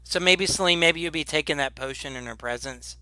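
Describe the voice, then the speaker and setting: A man's voice: a little high, brisk, pushed and bright, dry recording. A man running a tabletop game as game master, laid-back and rambling with lots of fillers.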